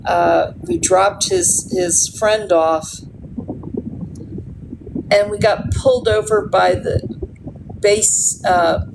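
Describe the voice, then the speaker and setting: A gravelly-voiced woman in her sixties meanders through a story at an unhurried pace, circling back with fillers and restarts. Her voice sits in a middle register, and loud noise hangs behind it on the stream. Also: on the low side, fairly even intonation. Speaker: livestream host. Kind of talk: rambling casual chat. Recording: loud background noise on a livestream.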